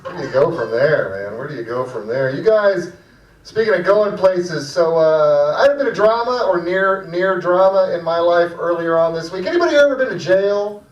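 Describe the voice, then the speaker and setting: Rambling high-voiced man on a dull mic. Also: lively intonation, moderate pace, far from the mic. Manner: rambling, casual, filler-heavy. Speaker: comedy show host. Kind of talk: stand-up set. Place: small cafe comedy room. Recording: dull, echoey room from afar.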